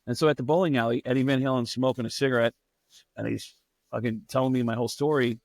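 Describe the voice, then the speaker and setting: A man's voice: mid-range voice, creaky, no echo. A man, a comedian guest on a podcast, telling a rambling, profane story and acting out the people in it. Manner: profane, animated, quick to act out people. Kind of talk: casual storytelling.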